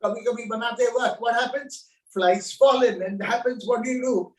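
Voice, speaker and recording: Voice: medium pitch, racing. A laughter yoga leader, guiding a group through exercises with chants and frequent hearty laughter. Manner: playful, breaks into hearty laughter and call-and-response chants. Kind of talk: guided group exercise instruction. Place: online session, home room. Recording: roomy sound from far off the mic.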